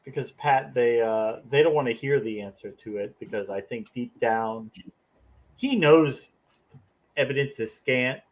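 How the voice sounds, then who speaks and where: Male co-host, average pitch, dry agreeable jokes in casual stream talk. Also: unhurried, highs cut off. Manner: wry, agreeable banter. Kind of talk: casual livestream chat.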